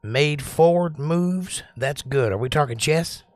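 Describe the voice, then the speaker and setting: A man from Georgia with a Southern drawl hosts a casual livestream, reading chat comments and rambling along with jokes. His voice sits on the high side and moves a little slowly, with no room sound.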